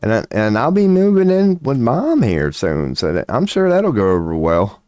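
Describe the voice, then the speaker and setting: On his home webcam stream, this man rambles casually, swearing, joking loosely and drifting into silly voices. His mid-range voice swings widely in pitch, moves at a moderate pace and sounds a little mellow. Recorded through a webcam mic, it still has studio quality with no room sound.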